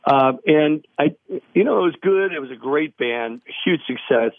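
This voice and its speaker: A gravelly older man in his sixties rambles through anecdotes, full of fillers and restarts. His voice sits a bit high for a man. It comes through a tinny, narrow phone line. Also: expressive, moderate pace, dry recording. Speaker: guest musician. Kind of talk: casual phone interview storytelling.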